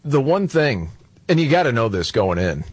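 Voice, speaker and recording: A man co-hosts talk radio with a slightly husky voice, trading wry jokes with his partners. His voice sounds close and dry, with no room sound. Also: medium pitch, sing-song, normal speed, dry recording. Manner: wry, joking banter. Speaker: radio talk show co-host.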